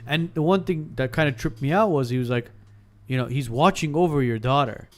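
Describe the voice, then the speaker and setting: Telling a ghost story on a casual podcast, this thirtysomething man sounds a little high and a little fast. He stays animated, acting out the dialogue and repeatedly restarting his sentences.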